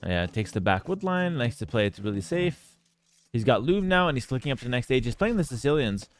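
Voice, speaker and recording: Brisk and mid-range in pitch, this game caster and streamer covers a strategy game tournament. His talk is animated and talkative, a casual story loaded with fillers and side remarks alongside esports commentary.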